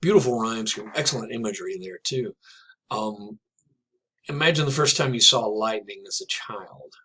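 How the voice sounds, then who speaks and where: A man teaching a literature class in a chatty, digressive way, reading poems aloud slowly and telling jokes along the way. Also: on the low side, sharp tone, slightly rough, low-quality recording. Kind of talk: classroom lecture with poetry reading.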